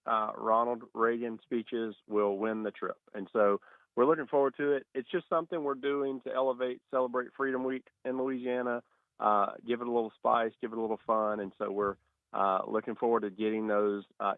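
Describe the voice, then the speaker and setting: A man who is a state education official, answering radio interview questions over the phone in a steady, measured way with frequent fillers. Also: mid-range voice, dry recording. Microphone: phone call. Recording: tinny phone line, dry.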